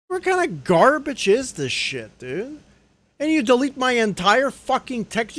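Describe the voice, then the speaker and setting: A young man rants angrily into his desk mic during a livestream. He swears constantly and keeps ending his sentences on a low, muttered "dude". His voice sits high and jumps wildly between peaks and dips. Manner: angry, profane ranting, trailing off low on "dude". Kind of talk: live stream rant. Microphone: desk microphone.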